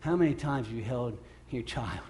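A middle-aged man preaching a sermon, earnest and halting, with many repeated restarts, who grows louder when he acts out the scripture. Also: medium pitch, expressive, slight background noise. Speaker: pastor.

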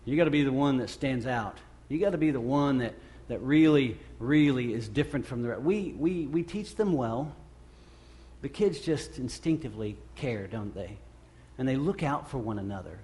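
A man's voice: mid-range voice, lively intonation, normal speed, a little mellow. A man in his thirties preaching a sermon, earnest and conversational, often repeating phrases for emphasis. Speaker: pastor.

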